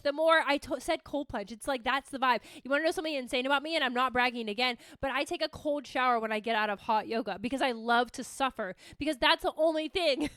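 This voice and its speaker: Young woman podcast host, high bright voice, dry close sound; chatty, swears freely, jokes about herself. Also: quick pace, few pauses, no room sound. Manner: rambling, swearing, animated and self-mocking. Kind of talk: casual solo chat.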